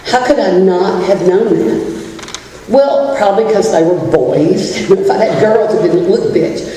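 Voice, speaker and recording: A woman's voice: mid-range voice, unhurried. An older woman giving a humorous keynote talk, telling stories and poking fun at herself with frequent laughs. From Louisiana. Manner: storytelling, self-deprecating, laughs often. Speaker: keynote speaker. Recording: echoey hall from far off, faint noise.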